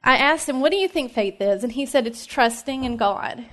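A high, bright-pitched woman in her thirties from Tennessee, speaking with an East Tennessee Southern accent. She gives a personal faith talk to a room of mothers, chatty and heartfelt, dotting her sentences with "um" and quick laughs. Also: animated. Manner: chatty and heartfelt, many fillers, laughs often. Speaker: speaker at a moms' ministry meeting.

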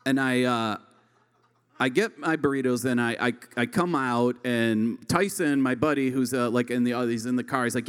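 A man's voice: normal speed, clear, resonant tone. A man in his thirties doing live stand-up, telling a rambling story full of fillers like "uh" and "like". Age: 30s. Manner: rambling, filler-heavy storytelling with animated pitch swings. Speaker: stand-up comedian.

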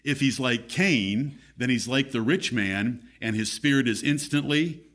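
A man's voice: medium pitch, measured pace, a bit bright. A man preaching a sermon as pastor in a church, emphatic, his voice rising and falling.

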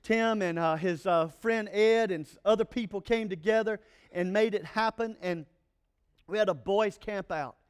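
A male pastor preaching a sermon, animated and playful, with joking asides to the congregation. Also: high voice, normal speed, clean tone.

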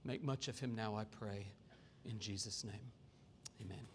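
A male pastor preaching a sermon, reading scripture with expression and speaking warmly and humorously to his congregation. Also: lowish voice, fairly even intonation, unhurried, slight background noise. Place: church sanctuary. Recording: long hall reverb.

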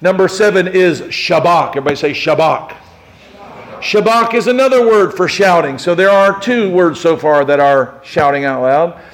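High-voiced guy preaching, super animated, goes from quiet to shouting. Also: normal speed. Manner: animated, swinging from hushed asides to loud shouting. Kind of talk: sermon.

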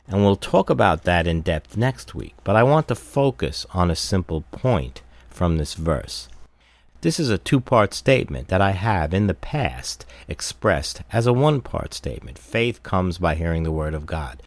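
A man's voice: low voice, no room sound. A man giving a recorded Bible study talk, explaining verses steadily and stressing key words. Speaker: Bible teacher.

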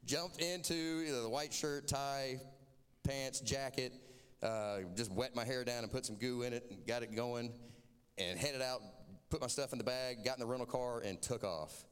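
A man's voice: mid-range voice, normal speed, smooth, in a large hall. Southern man preaching through a story. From Florida. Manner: chatty, self-mocking storytelling. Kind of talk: sermon told as a personal story.

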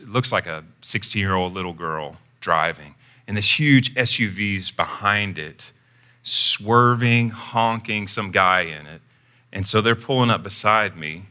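A man preaching a sermon as pastor, telling a personal story in a conversational way and acting out his own lines. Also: low-pitched. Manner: conversational storytelling, animated when quoting himself.

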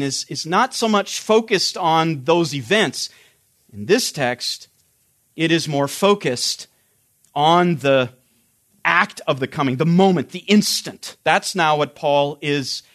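A man teaches a Bible study in a high voice. He explains the text earnestly and often restarts his sentences. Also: fairly bright tone.

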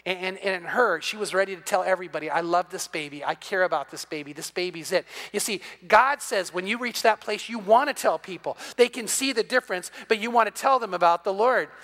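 An older man preaching a sermon as pastor, animated and acting out little conversations, often repeating words as he restarts. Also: sits high, fairly quick, few pauses. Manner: animated, acts out dialogue in quotes, repeats words when restarting. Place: church sanctuary. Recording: long hall reverb.

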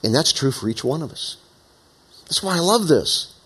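A man preaching a sermon in an animated, conversational way, with frequent asides. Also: a little high, normal speed, husky. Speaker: pastor. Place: church meeting in an opera house.

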